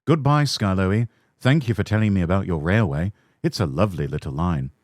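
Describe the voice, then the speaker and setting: A man reads as a friendly, polite storybook engine saying kind words. A low voice, close and dry. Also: a little fast, a little mellow, no room sound.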